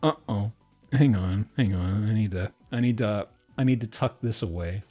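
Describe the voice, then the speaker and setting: A man streaming live, chatting casually and excitably, often breaking into laughter and restarting his sentences. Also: fairly low pitch, normal speed, soft background music.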